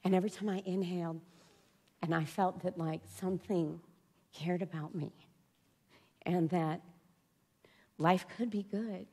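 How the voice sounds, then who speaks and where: A woman giving a confessional personal-story talk at a conference, swinging from loud outbursts to hushed near-whispers. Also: fairly low pitch, steady tone, a little slow, long pauses, husky. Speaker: conference speaker. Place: conference stage before an audience.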